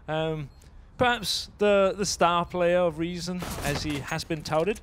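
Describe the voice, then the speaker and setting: A man's voice: high voice, measured pace, fairly bright tone, clean tone. A man giving chatty esports color commentary, full of ums and restarts. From Denmark. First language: Danish. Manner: hesitant, filler-heavy analysis, chatty and joking.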